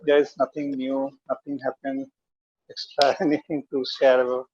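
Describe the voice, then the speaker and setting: Middle-aged guy on a video call, halting english, lots of uh pauses, muffled call sound. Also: mid-range voice, level tone, a little mellow, breathy edge. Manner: hesitant, halting learner English with fillers. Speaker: English learner. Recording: dull lo-fi call audio.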